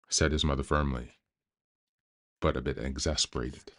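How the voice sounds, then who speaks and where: Brief: male podcast host, extremely low bass voice, calm measured book reading.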